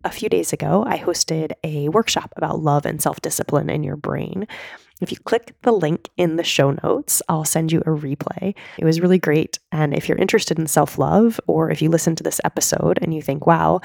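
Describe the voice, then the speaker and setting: A woman in her thirties hosting a solo podcast, coaching listeners in an earnest, direct way while hoarse from a cold. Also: low voice, moderate pace, darkish tone, dry recording, clean studio sound. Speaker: podcast host and mindset coach.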